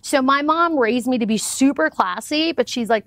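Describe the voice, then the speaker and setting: A woman talking as a guest in a casual interview, with upbeat and expressive storytelling. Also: sits high, moderate pace, dry recording. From United States. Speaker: podcast guest.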